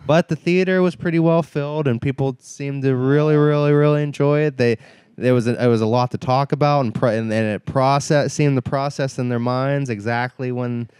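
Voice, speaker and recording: Rambling man with a smooth, dry voice. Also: medium pitch, fairly even intonation, fairly quick, a little mellow, no room sound. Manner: rambling, acts out mocking quotes with a laugh. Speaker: podcast co-host. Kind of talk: casual movie review chat.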